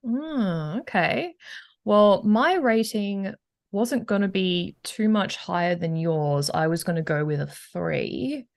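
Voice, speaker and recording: A woman co-hosting a live episode rewatch show, chatting in a relaxed, thoughtful way with light fillers. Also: mid-range voice, slow pace, creaky, no echo, clean studio sound. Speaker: podcast co-host. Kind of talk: casual rewatch chat.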